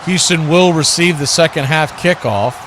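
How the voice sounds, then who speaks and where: A man giving live football play-by-play as the announcer of a watch-party stream. He calls each play briskly and his voice jumps up on big moments. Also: on the high side, background noise. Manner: brisk, calls plays as they happen, rises sharply on big plays.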